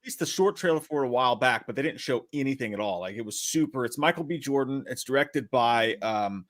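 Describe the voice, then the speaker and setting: A man co-hosting a casual movie news show, relaxed and joking, swearing casually. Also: medium pitch, fast. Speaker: podcast co-host.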